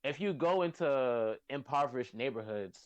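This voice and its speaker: A man's voice: mid-range voice, normal speed, clear, resonant tone, no echo, highs cut off. Guy in a chat, medium voice, gets worked up explaining, dry close sound. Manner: animated, repeats words as he builds a point. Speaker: podcast co-host. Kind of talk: casual group discussion.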